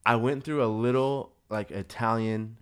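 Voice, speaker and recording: A man's voice: mid-range voice, steady tone, unhurried, clear, resonant tone. A young man talking as a podcast guest in casual chat, laid-back and rambling, laughing often.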